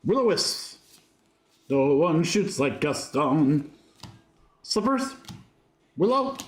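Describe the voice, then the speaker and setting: A man's voice: fairly high pitch, sing-song, slow pace. Chatty man calling out cards, echoey room. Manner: rattles off card names, chatty asides to viewers. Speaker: trading card break host. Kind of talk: casual livestream commentary while opening packs.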